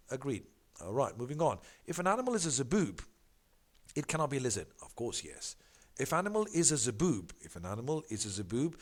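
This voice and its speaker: A man working through exam practice questions as a tutor. He talks in an emphatic way, stumbles and corrects himself often, and keeps repeating catchphrases. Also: mid-range voice. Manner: animated, emphatic, repeats catchphrases like "big fat no".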